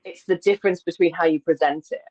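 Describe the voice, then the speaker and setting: Candid woman guest, lower voice, muffled lo-fi call audio, chatty and open. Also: fast. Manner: open, animated, frequent self-corrections and laughs. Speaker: guest, embodiment coach. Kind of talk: candid conversational storytelling. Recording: slightly dull, lo-fi audio.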